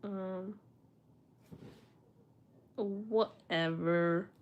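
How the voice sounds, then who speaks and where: A woman's voice: mid-range voice, fairly even intonation, extremely slow, narrow, tinny audio. A young woman chatting casually to her viewers and reading a book aloud, with retainers in her mouth that slightly thicken her speech, stumbling and restarting as she goes. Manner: chatty, self-talking, reads aloud with stumbles. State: talking with retainers in. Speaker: study vlogger.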